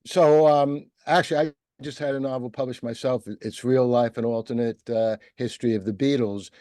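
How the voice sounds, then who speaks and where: A man's voice: mid-range voice, steady tone, a little fast, mellow, dry recording, clean studio sound. A man hosting an interview, talking in a rambling, digressive way. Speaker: host interviewer. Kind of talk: conversational interview.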